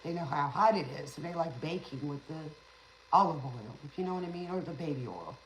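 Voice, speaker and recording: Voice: mid-range voice, lively intonation, a little fast. Chatty, sarcastic tarot reader in a roomy space. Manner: chatty, rambling, teacherly; stutters sometimes. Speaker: tarot reader and spiritual teacher. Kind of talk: casual livestream talk. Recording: roomy with faint background noise.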